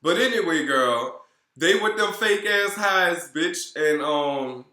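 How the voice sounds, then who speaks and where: Man, New Orleans accent, sassy profane gossip recap, bright forceful voice, roomy echo. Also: fairly high pitch, slow. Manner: sassy, animated, swears constantly, calls viewers girl. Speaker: reality TV recap vlogger.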